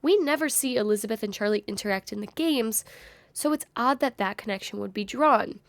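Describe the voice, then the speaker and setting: A young woman with a slightly high, worn and strained voice works through fan theories in a thoughtful, speculative way. The sound is close and dry, with no room around it. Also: brisk, dry recording. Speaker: YouTuber. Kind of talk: fan theory video essay.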